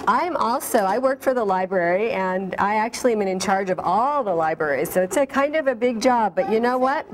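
A woman's voice: mid-range voice, a little fast. A woman leading a children's storytime, reading a picture book aloud and asking the children questions along the way. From El Paso, Texas. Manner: animated, asks children questions. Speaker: library director reading at storytime.

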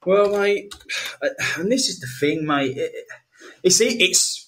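A man's voice: high-pitched, lively intonation, slow, fairly bright tone, slight background noise. A man co-hosting a podcast, supportive and sweary, calling his friend "mate" constantly. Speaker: podcast co-host. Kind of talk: casual banter.

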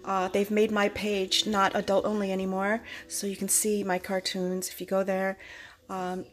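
A woman, a cartoonist, rambling and halting as she casually explains her own political cartoons to viewers. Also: mid-range voice, monotone, faint music behind.

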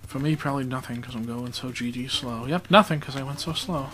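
A man's voice: medium pitch, brisk, few pauses, a bit bright, faint music behind, rough recording. A man giving casual, joking commentary while playing a video game, with self-mocking asides. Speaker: let's play commentator.

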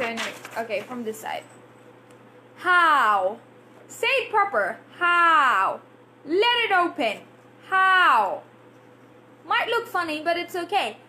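A woman's voice: very high-pitched, a bit bright, a little hiss or hum. A woman English trainer and IELTS coach giving a live-streamed Q&A lesson, drilling tongue twisters aloud and answering viewer comments.

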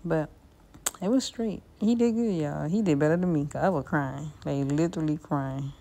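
A woman's voice: low voice, normal speed, mellow, a little hiss or hum. A young woman narrating her vlog in a chatty, laid-back way. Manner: chatty, laid-back, keeps saying "y'all". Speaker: vlogger. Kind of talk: casual voice-over narration.

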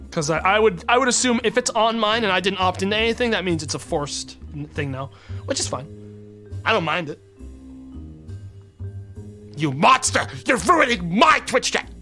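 A game streamer talking casually to viewers between bits of play, full of rambling jokes and asides. The voice is bright, with faint game music playing behind. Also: medium pitch. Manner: joking, rambling asides to chat. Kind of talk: casual live-stream chat.

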